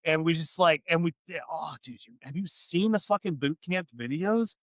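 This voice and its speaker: A man's voice: fairly high pitch, animated, moderate pace, fairly bright tone, no room sound. A man co-hosting a casual podcast chat, rambling, swearing a lot and getting fired up. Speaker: podcast co-host.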